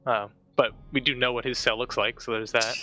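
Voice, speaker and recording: A man's voice: medium pitch, fairly even intonation, brisk, pushed and bright, faint music behind. A man playing a tabletop game, carefully weighing options in casual chat. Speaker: player.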